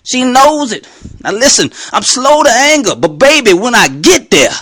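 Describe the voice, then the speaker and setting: A man giving an animated Christian testimony, emphatic and talking straight to his listeners. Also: very high-pitched, moderate pace, husky, no room sound. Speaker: Christian speaker.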